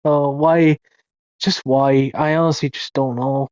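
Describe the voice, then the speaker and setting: A man's voice: medium pitch, steady tone, a little slow, darkish tone, clean tone, dry recording. A man giving casual, ranting commentary in a rambling way, swearing often and restarting his sentences. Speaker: video commentator.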